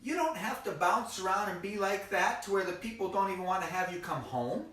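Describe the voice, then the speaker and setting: A man voicing a stern, calm mother who is scolding her son, speaking slowly and firmly. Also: high voice. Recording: echoey room, mic far off.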